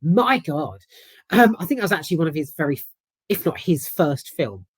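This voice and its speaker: A woman's voice: sits low, very animated, moderate pace, slightly rough, dry recording. A woman with a London accent, casually giving a candid, swear-filled film review. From South London. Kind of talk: casual chat.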